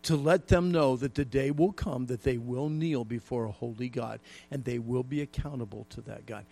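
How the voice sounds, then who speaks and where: Gravelly-voiced man preaching a sermon. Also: medium pitch, normal speed, mellow, faint music behind. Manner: folksy preaching with jokes, emphatic repetition. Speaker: pastor.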